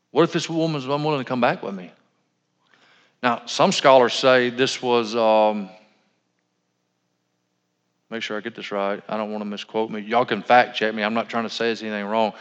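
A man's voice: medium pitch, fairly bright tone. A man preaching a sermon as pastor, conversational and full of asides and self-corrections. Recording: dull lo-fi sound in a reverberant hall.

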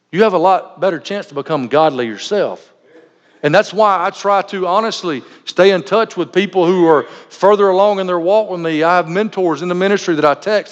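A man preaching a sermon as a pastor, earnest and conversational, weaving in personal anecdotes. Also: on the high side. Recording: dull lo-fi recording in a reverberant hall.

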